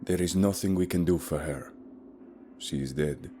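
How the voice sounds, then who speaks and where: A stern adult polar guide, as a man puts him on, steady and formal, every word firm and commanding. The voice sits a touch higher and louder than the narrator's deep tone. A constant hiss runs underneath. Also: moderate pace, natural voice. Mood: grave.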